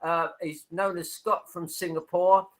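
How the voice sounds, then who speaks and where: A man's voice: high-pitched, little pitch movement, measured pace, a bit bright, low-quality recording. A man guest in a casual chat, telling stories and laughing often. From County Clare, Ireland. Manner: chatty storyteller, laughs often. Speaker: podcast guest.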